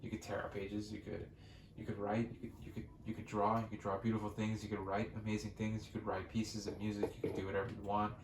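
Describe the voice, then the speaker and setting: Rambling young man, lowish voice, echoey room. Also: monotone, quick pace. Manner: rambling, swears freely, frequent restarts and fillers. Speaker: gaming channel host. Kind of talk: casual gameplay commentary. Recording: echoey room with faint noise.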